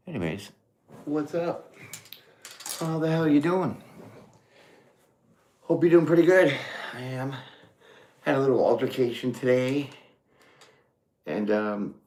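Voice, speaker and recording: A man's voice: medium pitch, vocal fry, a little mellow, roomy sound. A man doing a casual live tarot reading, a swearing storyteller who rambles and laughs often. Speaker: tarot reader; former mechanic.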